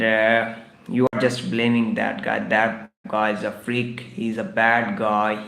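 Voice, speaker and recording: Slow gravelly man drilling English phrases. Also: fairly low pitch, fairly bright tone, roomy sound. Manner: repeats each phrase several times, drilling; broken English grammar. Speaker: English teacher. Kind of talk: livestreamed English idiom lesson. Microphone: live stream microphone.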